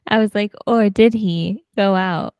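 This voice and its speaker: A woman co-hosting a podcast in casual chat, talkative and quick to laugh. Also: mid-range voice, darkish tone, clear, resonant tone, no room sound, clean studio sound. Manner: chatty, laughs often, many fillers. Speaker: podcast co-host.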